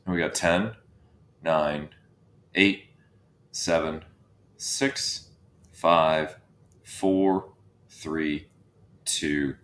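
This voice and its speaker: Deep-voiced man coaching breathwork. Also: extremely slow, long pauses. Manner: calm, coaching cues with counted breaths. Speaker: breathwork instructor. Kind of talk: guided breathwork session. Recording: roomy echo.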